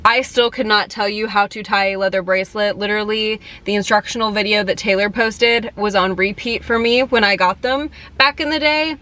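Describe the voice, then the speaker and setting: A young woman talks casually to her viewers in a chatty vlog, filling her sentences with "like" and "um" and giggling. Her voice is bright and clear, at an average pitch for a woman. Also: normal speed, hardly any pauses. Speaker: vlogger. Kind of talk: casual fan vlog chat.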